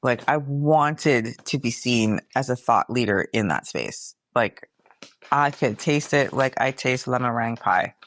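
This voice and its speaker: A woman's voice: extremely low pitch, animated, measured pace, no room sound. Candid swearing woman podcaster, dry sound. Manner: candid, swears freely, addresses listeners as y'all. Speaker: podcast host. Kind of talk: casual reflective monologue.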